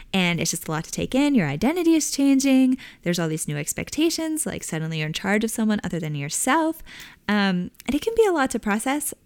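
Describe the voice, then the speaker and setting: Woman host, thirties, conversational and chatty; smooth, dry studio sound. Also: mid-range voice, no echo. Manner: warm conversational with frequent fillers and laughs. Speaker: podcast host. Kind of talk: casual advice talk.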